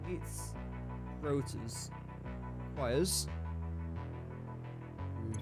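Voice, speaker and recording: He speaks extremely slowly yet with animation, his voice mid-range, over background music. The young English gaming streamer from England is doing casual live-stream commentary, reasoning aloud through a building game's factory maths and bantering with his chat.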